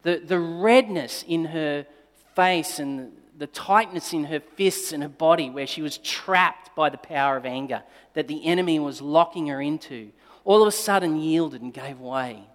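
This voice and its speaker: A male pastor telling a personal story in a sermon, moving between forceful emphasis and quiet, tender passages. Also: on the high side, moderate pace. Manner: dynamic storytelling, swinging between loud emphasis and hushed, tender delivery. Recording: long reverb of a large hall.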